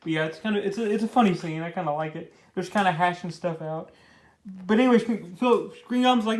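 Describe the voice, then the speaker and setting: Casting note: young male comic reviewer, chatty and rambling, high-pitched, roomy echo. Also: fast talker. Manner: rambling, filler-heavy, repeats words. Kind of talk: casual video review. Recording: echoey room.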